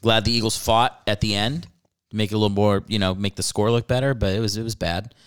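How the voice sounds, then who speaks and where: A man's voice: fairly low pitch, fairly even intonation, quick pace, clean tone. A man co-hosting a casual sports chat, teasing and moving the segments along. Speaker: podcast co-host.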